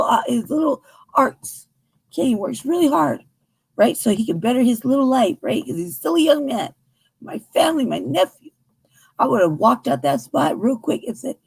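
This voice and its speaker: An American woman hosting a news commentary show, talking in a heated, emphatic, profane way with a husky voice. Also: mid-range voice, animated, normal speed, darkish tone, dry recording. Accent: American English. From United States.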